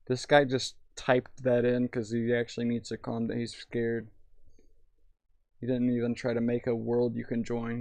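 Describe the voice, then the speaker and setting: A man's voice: medium pitch, vocal fry, a little mellow, no room sound. A young man streaming in VR, tipsy and rambling, swearing freely while reading chat aloud.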